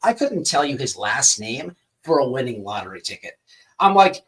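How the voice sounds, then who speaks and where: A man's voice: medium pitch, normal speed, recorded from a distance. A man hosting a casual livestream, telling stories in a rambling, profane way and greeting people in the chat. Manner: animated, profane, rambling storyteller. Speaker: livestream host.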